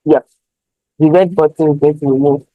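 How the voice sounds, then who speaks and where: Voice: mid-range voice, steady tone, moderate pace, dry recording, phone-quality sound. A speaker walking through an online ad setup step by step, often checking that the listener follows. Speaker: online marketing tutor. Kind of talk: screen-share tutorial.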